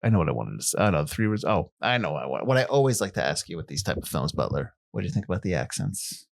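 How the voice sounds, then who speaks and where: Lively, teasing man co-hosting a podcast. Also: deep voice, creaky, no room sound, clean studio sound. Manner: animated, teasing, quick with jokes. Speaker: podcast co-host. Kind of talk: casual film discussion.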